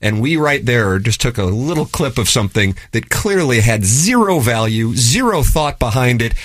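A man's voice: mid-range voice, sing-song, moderate pace, no echo. A man hosting a sports talk radio show with a wry manner, reading listener texts aloud and riffing on them.

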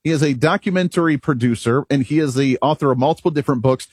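A man's voice: on the high side, fast, darkish tone, slightly rough, dry recording, studio quality. A male radio talk show host delivering an opinionated monologue, emphatic and rhetorical, chuckling at himself now and then.

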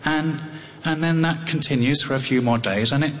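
A middle-aged English man telling a personal story live, halting and wry, with frequent restarts. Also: a little high, fairly bright tone. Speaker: storyteller on tour. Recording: long hall reverb, faint noise.

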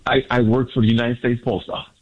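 A man calling in from Miami to a sports radio show, boasting with excitement and repeating his points. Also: mid-range voice, fast. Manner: exuberant, repetitive, boastful. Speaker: caller. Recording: muffled phone line.

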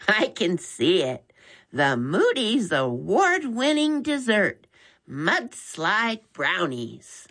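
A woman's voice: medium pitch, huge pitch swings, extremely slow, a bit bright, voice pushed up, exaggerated voice. A woman reading aloud, voicing a polite young boy who asks earnest questions.

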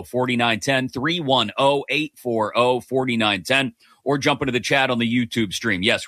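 Bright-voiced upbeat sports radio host man. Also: medium pitch, no echo, clean studio sound. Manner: upbeat, energetic, rapid rundown of stories. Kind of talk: live sports talk radio. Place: radio studio. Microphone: close studio microphone.

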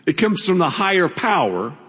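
A man's voice: high voice, sing-song, moderate pace, a bit bright, slightly rough, in a large hall. A middle-aged man preaching a sermon as a pastor, telling a story in a conversational way with emphatic bursts.

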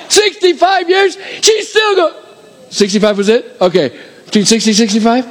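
A middle-aged man preaching a sermon as pastor, energetically calling out to the congregation with quick repeated questions. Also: very high voice. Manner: energetic, calls out to congregation like an auctioneer.

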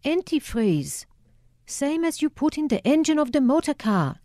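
A woman's voice: high-pitched, very animated, moderate pace, dark tone, dry recording, voice pushed up. A sneering, preachy old Dutchman with a guttural Dutch accent, as a woman narrator puts him on, warning a child off sweets in a raised, pointed voice. He sounds like a cranky herbalist from a storybook memoir. The recording is close and dry. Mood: sneering lecture. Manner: sneering, lecturing.

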